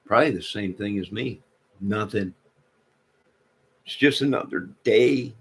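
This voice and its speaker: This livestream host's voice is fairly low and husky, a little slow, with frequent pauses. He rambles and jokes casually with his chat, his speech marked by a toothless quality.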